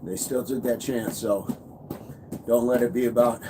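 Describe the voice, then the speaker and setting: A man's voice: mid-range voice, fairly even intonation, moderate pace. A man coaching fitness on a casual livestream, upbeat, reading and answering viewer comments. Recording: noisy background.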